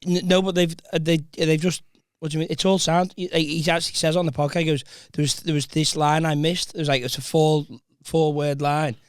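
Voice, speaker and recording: A man's voice: fairly high pitch, flat delivery, fairly quick, hardly any pauses, clear, resonant tone, dry recording, clean studio sound. A man, co-hosting a podcast and rambling as he loses his thread. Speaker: podcast co-host. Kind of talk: casual chat.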